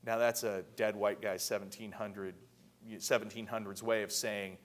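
A man preaching a sermon in a conversational way, often repeating words and building to emphatic high peaks. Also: flat delivery, moderate pace. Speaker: pastor.

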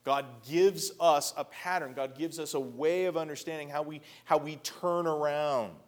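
A man's voice: on the high side, fairly even intonation, moderate pace. Earnest man preaching a sermon. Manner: earnest preaching, swinging from loud emphasis to hushed quiet. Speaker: pastor.

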